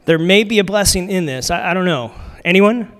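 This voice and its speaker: Male pastor, slightly high voice, loose conversational sermon, long hall reverb. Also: animated, brisk, fairly bright tone, clear, resonant tone. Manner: casual, conversational, with many fillers and restarts. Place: church sanctuary.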